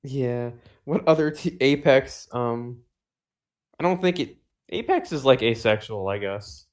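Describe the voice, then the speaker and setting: Brief: male podcast co-host, mid pitch, rambling casual delivery, heavy fillers and cursing. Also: lively intonation, measured pace. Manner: rambling, lots of fillers and swearing, laughs often.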